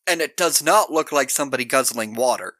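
In a casual podcast talk about films, a man co-hosting retells movie scenes briskly, animated and laughing as he tells them. His voice is mid-range, and the recording has no echo.

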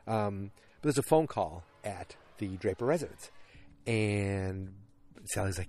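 A man's voice: on the low side, moderate pace. A tired man casually recapping a TV episode, rambling with lots of fillers. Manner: rambling, filler-heavy, animated retelling.

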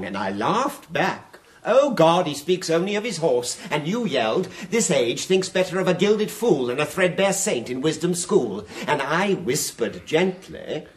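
An actor playing a sly, mocking fire captain in a radio drama, quoting verse in a smooth, taunting manner. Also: male voice, fairly high pitch. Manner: silky, taunting, quotes verse at length.

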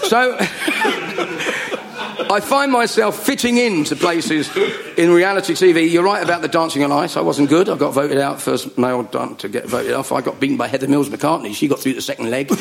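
A middle-aged man telling comic stories to a live audience, animated and full of jokes and voices. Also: fairly high pitch, fairly quick, vocal fry, hardly any pauses, a little hiss or hum. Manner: animated joke-telling, does voices and laughs. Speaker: comedian guest.

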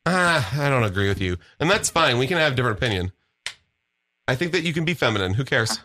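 A young man chatting casually with a friend, his voice bright and lively with wide swings in pitch. He teases her playfully and laughs a lot. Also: fast, slight background noise. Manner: teasing, laughs often. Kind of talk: casual chat.

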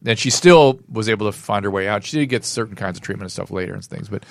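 A man's voice: lowish voice, lively intonation, fast, gravelly, no echo. A man in casual chat, telling a story earnestly and with emphasis.

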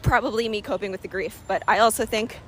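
A woman's voice: mid-range voice, fast talker, fairly bright tone, slight background noise. A woman talking candidly and emotionally in a personal vlog, rambling with many fillers, recorded outdoors in a city. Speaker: vlogger.

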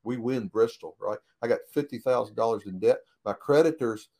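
Guy telling old racing stories, folksy, swears a lot, keeps saying right?, middle pitch. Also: a little fast, gravelly, a little mellow. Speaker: guest, retired race car driver. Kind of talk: casual storytelling interview.

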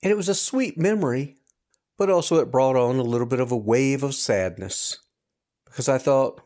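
A man's voice: mid-range voice, moderate pace, darkish tone. A man in his fifties hosting a podcast, talking earnestly and reflectively straight to his listeners in a personal monologue. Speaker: podcast host.

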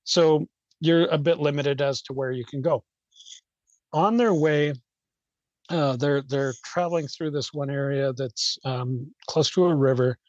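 A man's voice: on the high side, a little slow, darkish tone, dry recording, highs cut off. A man explaining at length in loose, unscripted talk, hesitant and rambling, with many fillers and restarts. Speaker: guest.

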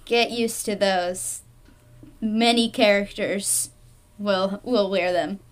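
A woman's voice: medium pitch, steady tone, slow pace. A young woman co-hosting a podcast, chatting playfully about a TV show and adding trivia. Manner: playful, giggly, adds trivia. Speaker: podcast co-host, veteran viewer. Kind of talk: casual chat about a TV show.

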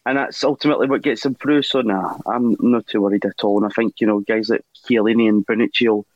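Man, podcast guest, measured analysis, lo-fi mic, dry sound. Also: lowish voice, fairly even intonation, no echo. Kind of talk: casual football podcast chat.

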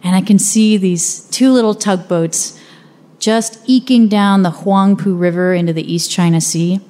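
Lively young woman telling a story. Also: medium pitch, unhurried. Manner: conversational, vivid storytelling with playful asides. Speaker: speaker. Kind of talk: first-person storytelling talk.

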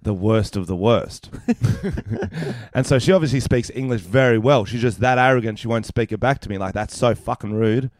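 A man's voice: mid-range voice, expressive, normal speed, dry recording. A young Australian man, a stand-up comedian, telling a story in casual podcast chat, swearing a lot and acting out both sides of the exchange.

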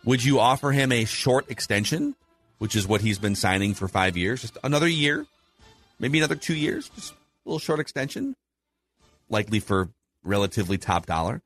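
A man's voice: on the low side, expressive, brisk, fairly bright tone, soft background music. A man hosting a casual sports talk show, laying out poll results and asking his co-host for views. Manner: analytical, runs polls and asks questions. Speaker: podcast host.

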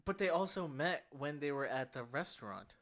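A man's voice: fairly high pitch, animated, moderate pace, a bit bright. Man making dry wry quips. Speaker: podcast co-host. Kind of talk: casual movie review chat.

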